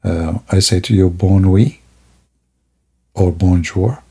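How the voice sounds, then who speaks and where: Gravelly, husky man mocking on a livestream. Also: low voice, slow, dark tone. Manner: mocking, laughing, theatrical asides. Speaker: streamer. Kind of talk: sarcastic livestream monologue.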